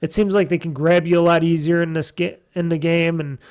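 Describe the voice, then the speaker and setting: A man's voice: fairly high pitch, steady tone, a little fast, a little mellow, clear, resonant tone. A man hosting a gaming podcast, reviewing games in a loose, chatty way with lots of fillers and restarts. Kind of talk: casual rambling game review.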